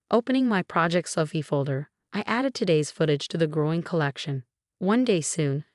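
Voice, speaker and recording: A woman reads a first-person story aloud in a steady, measured voice. Her tone sits low, and the recording is dry, with no room sound. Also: no echo. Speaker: narrator.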